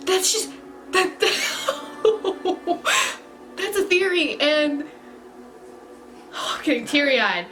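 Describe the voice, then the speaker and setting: A woman's voice: high-pitched, very animated, extremely slow, pauses often, sharp tone, faint music behind. A young woman hosting a reaction video, talking casually and exclaiming and pleading at what she watches. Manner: emotional, exclamatory, pleading with the screen.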